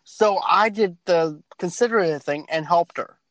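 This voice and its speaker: A man's voice: high-pitched, a little slow, fairly bright tone, dry recording, highs cut off. A man hosting a casual podcast chat, rambling and laughing often between his points. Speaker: podcast host.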